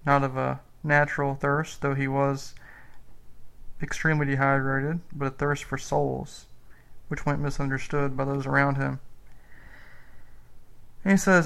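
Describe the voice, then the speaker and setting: A man giving a slow, earnest spoken meditation on the rosary mysteries as a preacher. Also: mid-range voice, little pitch movement, gravelly, a bit bright, clean tone, low-quality recording.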